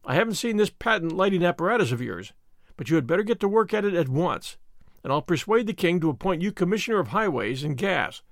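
A man voicing a bold, boastful young American consul in an audiobook, making forceful declarations. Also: high-pitched, very animated, fast talker, vocal fry, no room sound, studio quality, exaggerated voice. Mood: enthusiastic.

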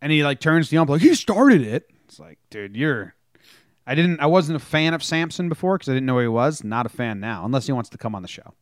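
Animated man telling sports stories. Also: mid-range voice, fast, no room sound, clean studio sound. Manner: animated storytelling, acts out players' lines. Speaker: podcast co-host. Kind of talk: casual sports chat.

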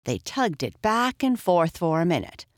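A woman reading a children's storybook aloud in an expressive, measured way. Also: fairly low pitch, no echo, clean studio sound.

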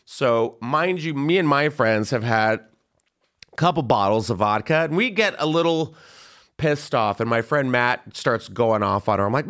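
A young man is telling a gossipy story on a podcast, and his pitch swings all over. His voice is smooth and clear. He breaks into high, squealing voices whenever he quotes someone. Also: lively intonation, moderate pace, fairly bright tone. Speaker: podcast host. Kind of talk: casual storytelling chat.

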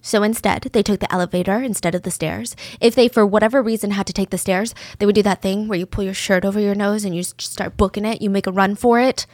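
A woman's voice: mid-range voice, fairly even intonation, fast, few pauses, darkish tone, dry recording. A woman narrating a true crime story in a casual, chatty way, with conversational asides.

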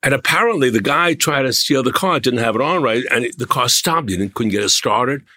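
An older male guest spins long, flowing anecdotes, his pitch swinging widely as he goes. The recording is close and dry with no room sound. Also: animated, brisk, sharp tone, no room sound. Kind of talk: anecdotal storytelling.

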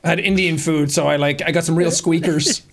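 A man's voice: a little high, fairly even intonation, brisk, gravelly. A young man co-hosting a podcast in casual chat, joking and laughing a lot. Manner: laughing, jokey, slips into silly voices. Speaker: podcast co-host.

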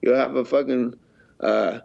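A brash professional fighter talks in a loose, rambling interview, swearing constantly and sounding cocky. His voice sits at an ordinary pitch for a man. The recording is a little dull and lo-fi. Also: steady tone, measured pace, creaky, darkish tone. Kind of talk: casual interview talk.

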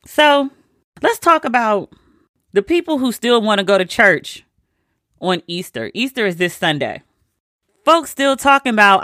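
Wry, animated monologue with crisp tone. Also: medium pitch, measured pace, long pauses, no echo, clean studio sound. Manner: wry, animated, incredulous asides. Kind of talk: casual storytelling monologue.

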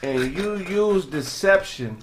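A man's voice: high-pitched, expressive, slow pace, slight background noise. A young man from Los Angeles telling a story in casual chat, acting out voices and laughing often. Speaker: podcast host telling a story.

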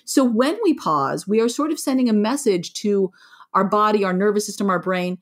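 In a conversational interview, a middle-aged woman who writes about parenting talks at a normal speed in a mid-range voice. She's animated and blunt, plainspoken, with some mild swearing.

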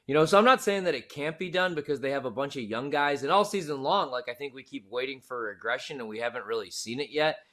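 An opinionated man co-hosting a sports betting show, with an average-pitched voice. He talks in casual slang and makes emphatic calls. His delivery is loose and conversational. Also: fast, few pauses, a bit bright.

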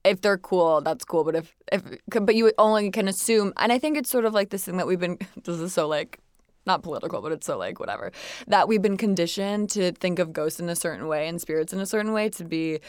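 Playful low-voiced woman guest, dry sound. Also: expressive, fairly quick, a little mellow, clear, resonant tone, no echo. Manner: playful, joking, laid-back. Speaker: podcast guest. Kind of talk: casual chat.

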